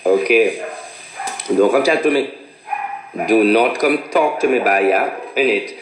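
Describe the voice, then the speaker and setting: A man's voice: mid-range voice, slow, a little hiss or hum. A Jamaican man chatting on a livestream, boastful and playful, rambling from one thought to the next. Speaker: livestream host. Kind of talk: casual livestream chat. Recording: roomy echo.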